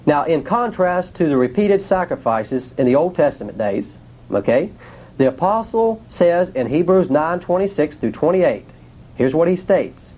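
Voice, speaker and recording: A man's voice: a little high, expressive, normal speed, highs cut off. A man teaching a sermon in a plain, folksy way, asking his listeners rhetorical questions. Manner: nonstandard grammar, folksy speech. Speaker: preacher.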